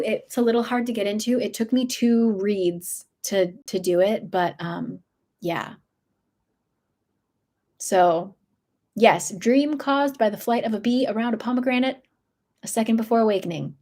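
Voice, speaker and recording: A woman's voice: fairly high pitch, measured pace, long pauses, mellow. A young woman hosting a book channel livestream from her room, chatting casually and meandering with lots of fillers.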